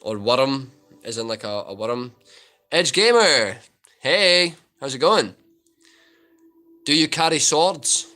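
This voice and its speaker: A man's voice: fairly high pitch, expressive, unhurried, pauses often, sharp tone. A Scottish man in his twenties hosting a casual livestream Q&A, joking and chatting as he answers viewers' comments. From Scotland. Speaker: livestream host answering chat.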